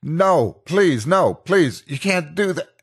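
A man's voice: low voice, big pitch swings, takes it slowly, vocal fry, a little mellow, husky, full character voice. A man doing a terrified, stammering young man. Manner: stammering, pleading.

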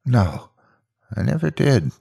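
A man's voice: mid-range voice, big pitch swings, takes it slowly, creaky, mellow, breathy edge, pitched above the performer's own voice, full character voice. A man voicing a terrified young man who stammers and pleads, in a spoken horror story. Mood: tearful.

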